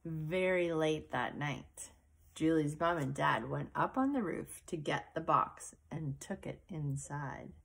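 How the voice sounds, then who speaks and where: A woman reads a picture book aloud to a child at an unhurried pace. Her voice is soft and a little breathy, and her pitch moves freely as she stops to point out the pictures. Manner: slow, expressive, with asides to a child. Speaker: storyteller reading to a child.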